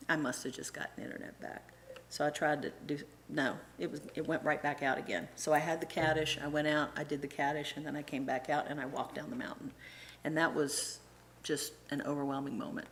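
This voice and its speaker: A middle-aged woman giving a casual, animated church talk, acting out the voices of people she quotes and often restarting her sentences. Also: deep voice, normal speed, slight background noise. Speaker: church presenter and Sunday school teacher.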